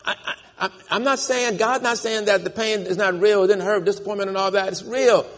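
Male preacher, fairly high voice, emphatic call-and-response delivery, long church reverb. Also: fairly even intonation, a little fast, a bit bright. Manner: emphatic, calls for congregation responses. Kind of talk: sermon.

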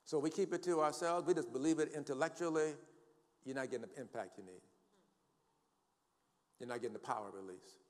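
A man's voice: medium pitch, brisk, pauses often, darkish tone. An older man preaching a sermon in a church, quoting scripture emphatically and calling for responses from the congregation. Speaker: pastor. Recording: long hall reverb.

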